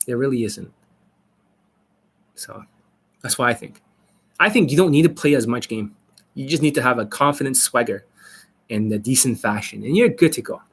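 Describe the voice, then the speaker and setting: A man's voice: medium pitch, slightly rough. Blunt, profane man on a live stream. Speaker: dating coach.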